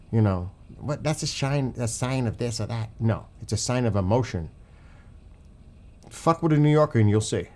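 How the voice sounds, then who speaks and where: A man's voice: lowish voice, lively intonation, moderate pace, warm tone. A man with a New York accent hosting a live stream, ranting emotionally and profanely about politics to his chat. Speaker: livestream host. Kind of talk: heated political commentary to chat.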